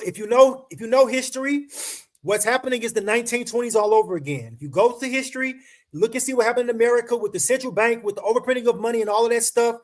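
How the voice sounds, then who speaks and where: A man hosting a casual crypto livestream, talking to viewers in slangy, emphatic chat and repeating words for stress. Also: very high voice. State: emotional, choked up.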